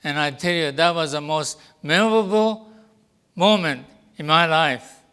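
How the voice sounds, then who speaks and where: Slow, clear older man. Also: a little high, bright, forceful tone. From Japan. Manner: deliberate, acts out quoted dialogue. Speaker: guest speaker. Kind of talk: personal storytelling to an audience.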